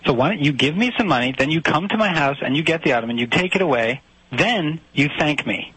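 A man's voice: a little high, expressive, fairly quick, fairly bright tone, slightly rough, no room sound, low-quality recording. A man in an improvised comedy sketch, talking in a brash, mocking, bossy way. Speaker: comedic performer.

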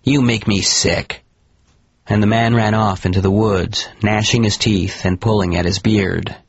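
A man narrating a scripted story on the radio in a calm, measured way. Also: lowish voice, creaky, breathy edge, no room sound. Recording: muffled radio broadcast with music.

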